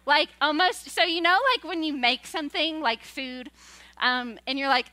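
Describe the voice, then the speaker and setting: A woman in her thirties preaches from a church stage in a bright, high voice, animated and chatty. She breaks into laughing asides and puts on voices for the people she quotes. The sound is close and dry. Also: brisk, no room sound. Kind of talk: sermon.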